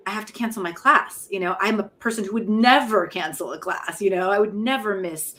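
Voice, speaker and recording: Speaking briskly with a sharp tone in a mid-range voice, this middle-aged woman, who is a poet and professor, gives a candid conversational interview. She's frank and reflective and often laughs at her own expense.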